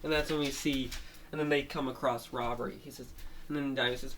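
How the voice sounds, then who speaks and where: A man's voice: medium pitch, little pitch movement, moderate pace, fairly bright tone, a little hiss or hum. A man casually retelling a made-up story, rambling with many restarts, fillers and small laughs.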